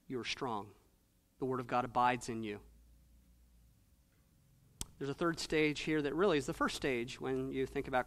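A male pastor preaching a sermon in church, moving between soft, low asides and loud, rising exhortation with repeated emphatic phrases. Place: church sanctuary.

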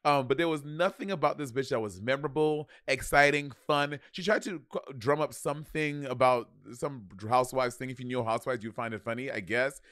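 A man's voice: mid-range voice, fairly quick, few pauses, fairly bright tone, no room sound, clean studio sound. A man co-hosting a casual podcast review of a TV show, blunt and salty, laughing often. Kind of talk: casual chat.

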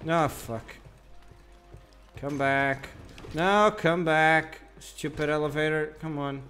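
A man's voice: on the high side, fairly even intonation, slow, long pauses, a bit bright, faint music behind. A young man giving casual commentary while playing a game, grumbling, swearing and mocking himself. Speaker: gaming channel host.

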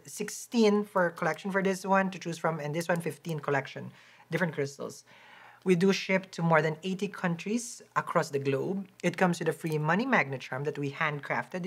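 A woman with a Filipino accent giving a lively, chatty tarot reading and promoting her shop, laughing often. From Philippines. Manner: high-energy, chatty, laughs often, restarts words. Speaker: tarot reader and shop owner.

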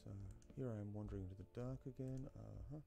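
Gaming vlogger, male, low fry-edged voice, meandering self-talk over gameplay, faint background music. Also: fast, mellow. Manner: rambling, self-talking, with many fillers and asides. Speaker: gaming YouTuber. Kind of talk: casual commentary while playing a game. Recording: faint game music behind.

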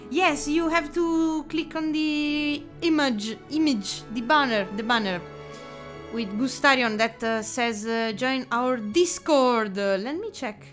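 A woman's voice: high voice, slow, faint music behind. A woman with an Italian accent chatting casually with her audience while drawing live, giggly and full of fillers and restarts. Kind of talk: casual live-stream chat.

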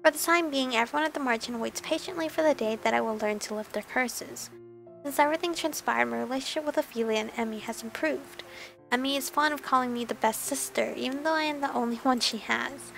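A woman's voice: sits high, brisk, creaky, fairly bright tone, faint music behind. A young woman reading a romance visual novel aloud as let's play narration, breaking off for gushing asides.

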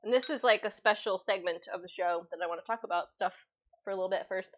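A woman's voice: medium pitch, quick pace, slight background noise. A woman hosting a casual cooking livestream, chatting and reading viewer comments aloud while she cooks, recorded on a lavalier microphone in a home kitchen.

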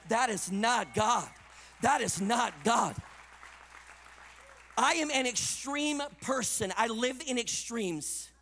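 A man preaching a sermon at a conference, emphatic, swinging between loud punches and quiet asides. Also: extremely high pitch, animated, slow pace, in a large hall, a faint crowd, slight background noise. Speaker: conference speaker. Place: conference hall.

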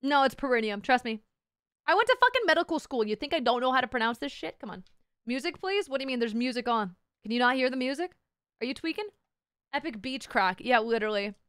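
A woman's voice: a little high, fast talker, fairly bright tone, clean tone, no room sound, studio quality. A woman streaming live, chatting casually with her viewers, thanking them by name and bantering in a bubbly, teasing, crude way. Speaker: VTuber streamer.

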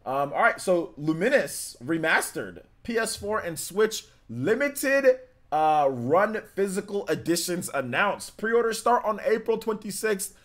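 Chatty young man hosting a game stream. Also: mid-range voice. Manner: chatty, reads viewer chat and news aloud, many fillers. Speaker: gaming livestream host. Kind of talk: casual livestream chat.

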